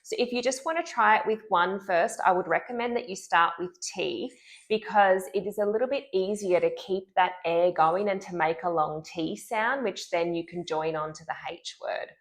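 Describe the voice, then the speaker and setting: A speech pathologist, a woman with a mid-range voice, leads a lesson in which she demonstrates speech sounds with clarity and deliberate care.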